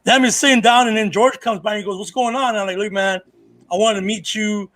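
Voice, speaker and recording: High-voiced man telling rambling stories. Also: fairly even intonation, quick pace, a bit bright. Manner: rambling, profane, with many restarts. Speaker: comedian podcast co-host. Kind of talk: casual storytelling chat.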